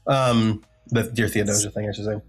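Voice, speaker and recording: A man co-hosting a podcast, chatting casually and excitedly, swearing freely and trailing into fillers. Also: fairly low pitch, fairly quick, breathy edge, soft background music. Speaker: podcast co-host. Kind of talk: casual chat about music.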